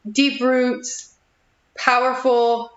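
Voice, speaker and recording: A young woman with a fairly high voice gives a chatty, reassuring tarot reading on a live stream, laughing lightly between thoughts. Her voice carries a roomy echo and sounds a little muffled, as if it comes from a built-in mic. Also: completely flat delivery, extremely slow. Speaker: tarot reader.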